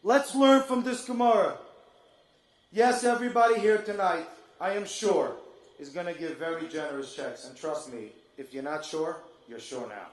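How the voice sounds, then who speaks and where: A man giving an impassioned fundraising speech to an audience, building up to shouted appeals. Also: fairly high pitch, moderate pace. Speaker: speaker at a charity fundraiser. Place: event room with an audience. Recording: echoey hall.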